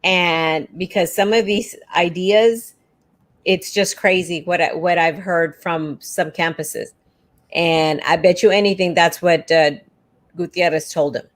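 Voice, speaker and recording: A woman's voice: on the low side, steady tone, unhurried. A woman leading an educators' association, talking earnestly and reassuringly in a casual live chat. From South Texas.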